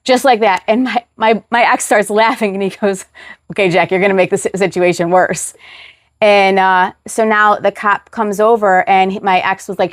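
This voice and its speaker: A woman telling a personal story as a guest, animated, acting out the voices of the people in it. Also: medium pitch, moderate pace, no echo, clean studio sound. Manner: animated retelling, acts out quoted voices.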